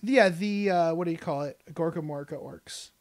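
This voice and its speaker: Excited podcast cohost rambling about a book they loved, lots of um and like, laughs a lot. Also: mid-range voice, moderate pace. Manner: enthusiastic, rambling, laughs often. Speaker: podcast co-host. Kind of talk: casual chat.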